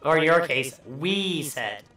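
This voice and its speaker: A man's voice: on the high side, expressive, takes it slowly, pushed and bright, distant mic. A man hosting a let's play, joking and swearing through casual gameplay commentary. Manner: profane, rambling, joking. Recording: echoey room, voice off mic, faint music.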